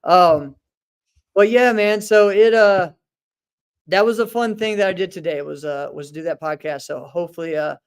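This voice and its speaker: A man's voice: high voice, normal speed, smooth. An easygoing man co-hosting a martial arts podcast, laughing often in casual chat. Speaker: co-host.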